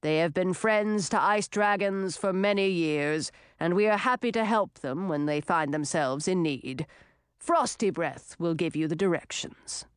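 A woman voicing an old male ice dragon king who speaks slowly and solemnly, lowering her voice for him. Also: smooth, no room sound, clean studio sound, lightly acted. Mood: commanding. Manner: slow, solemn, low voice. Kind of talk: audiobook character reading.

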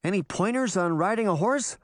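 A man's voice: high-pitched, expressive, fairly quick, no room sound, clean studio sound, voice pushed up. A man voicing a tough, mouthy preteen girl who is brash and sarcastic in an audiobook. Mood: tense.

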